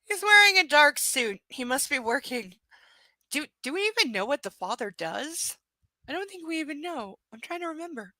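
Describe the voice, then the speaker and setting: A woman's voice: high-pitched, lively intonation, moderate pace, bright, forceful tone, dry recording, low-quality recording. A woman streaming, reading a novel aloud and chatting bluntly, swearing freely and ranting animatedly. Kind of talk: casual live-stream reading and chat.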